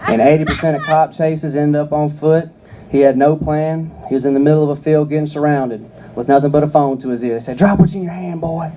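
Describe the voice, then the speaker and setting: A young man doing stand-up, telling stories in a profane, deadpan, conversational way. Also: on the high side, a little fast, a little hiss or hum. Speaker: stand-up comedian. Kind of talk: stand-up comedy storytelling.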